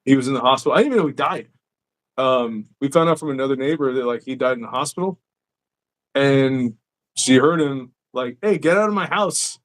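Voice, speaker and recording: Briskly and in a mid-range voice, a man hosting a podcast chats casually, telling stories laced with profanity.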